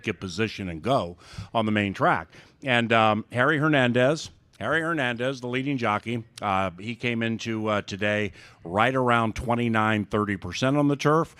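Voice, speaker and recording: A man's voice: fairly low pitch, a bit bright, smooth, no room sound. Male host, casual track-side chat, upbeat, lots of ums, dry sound. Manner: chatty, filler-heavy, upbeat. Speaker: racetrack show host.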